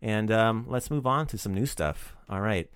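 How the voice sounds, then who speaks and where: A man's voice: lowish voice, expressive, normal speed, clear, resonant tone, dry recording, clean studio sound. A man teaching a casual podcast language lesson, upbeat and playfully teasing his student.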